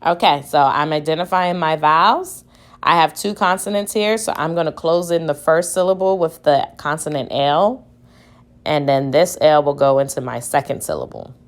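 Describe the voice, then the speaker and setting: A woman teacher slowly sounding out word syllables aloud in a phonics lesson. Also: deep voice.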